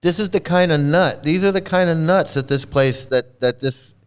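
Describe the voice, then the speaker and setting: A man's voice: a little high, normal speed, clear, resonant tone. A man hosting a livestream, ranting indignantly and mockingly with lots of repetition. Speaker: livestream host. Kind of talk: casual livestream commentary.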